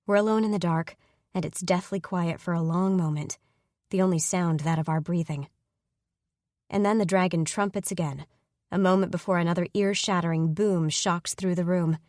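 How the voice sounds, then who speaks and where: A woman narrating a first-person fantasy romance audiobook in a steady, even storytelling manner on a close mic. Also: on the low side, moderate pace, no echo.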